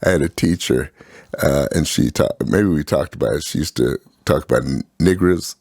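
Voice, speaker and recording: A man's voice: a bass voice, a little fast, vocal fry, a little mellow, husky, dry recording, clean studio sound. A man co-hosting a casual political talk show, telling stories and laughing often. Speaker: co-host.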